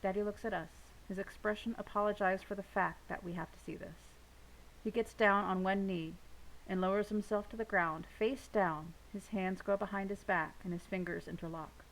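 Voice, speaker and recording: A woman reads a novel aloud in a steady first-person narrating voice. Her tone has a noticeable gravelly grain, and a faint hiss sits under the recording. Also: mid-range voice, moderate pace, rough recording. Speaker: audiobook reader.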